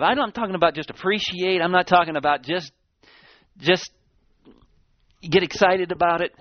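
A man delivers an emphatic sermon in a fairly high voice, pressing on key words and letting his voice rise and fall. The sound is a dull, dry lo-fi tape with no room echo. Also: lively intonation, a little slow, pauses often. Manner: emphatic, repeats key words, swings between raised and dropped voice. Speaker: preacher. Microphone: sermon tape recording.

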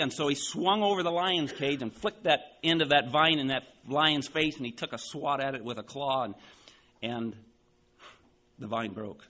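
A man in his forties preaching a sermon, telling a story with animated emphasis. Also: medium pitch, normal speed, muffled recording, a little hiss or hum. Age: 40s. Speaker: pastor.

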